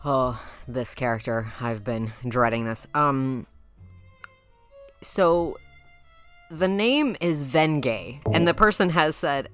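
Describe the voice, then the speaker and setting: A woman's voice: very deep voice, expressive, unhurried, faint music behind. A young woman with a Midwestern accent doing playful, teasing roast commentary as a YouTuber, laughing often. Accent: Midwestern American.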